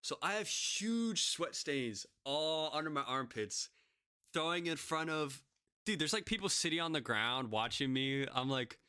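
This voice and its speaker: A man's voice: on the high side, expressive, measured pace, bright, forceful tone, clean tone, no echo, clean studio sound. A young man casually telling self-deprecating stories, rambling with lots of fillers. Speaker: podcast guest pitcher. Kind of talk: casual storytelling.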